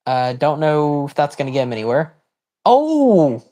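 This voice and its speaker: A man hosting a casual livestream, talking loosely and at length over a wrestling show. His voice sits at an ordinary middle pitch, and he jumps into loud excited outbursts when something big happens. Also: fairly quick. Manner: rambling, with sudden excited outbursts and confused reactions. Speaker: livestream host. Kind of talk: casual live commentary on a wrestling broadcast.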